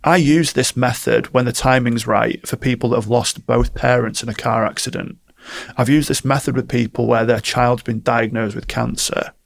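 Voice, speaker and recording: Male coach, gravelly voice, mid-pitched, animated storyteller for a casual interview. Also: normal speed. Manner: animated storytelling, acts out quotes. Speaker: guest, performance coach.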